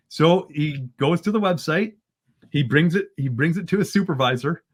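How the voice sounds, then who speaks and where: A man from Canada, a podcast guest, telling a story in an animated way that rises into excited bursts. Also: a little high, moderate pace, slightly rough.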